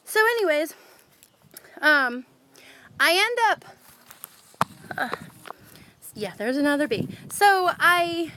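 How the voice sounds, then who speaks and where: Excited high-voiced woman telling a story. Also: takes it slowly, long pauses, background noise. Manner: excited, animated, rambling with many fillers. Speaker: vlogger. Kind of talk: casual storytelling to camera. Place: outdoors near her house.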